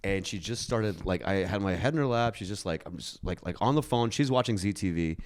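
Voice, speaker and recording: A man's voice: low-pitched, a little fast. A man co-hosting a comedy podcast, telling stories in a loose, laughing way and swearing often. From United States. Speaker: podcast co-host. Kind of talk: casual comedic chat.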